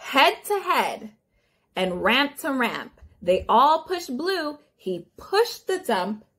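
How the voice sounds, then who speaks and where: A woman's voice: sits high, very animated, slow pace, fairly bright tone, breathy edge. A woman speech therapist reading a picture book aloud to toddlers in a sing-song way with gasps of wonder.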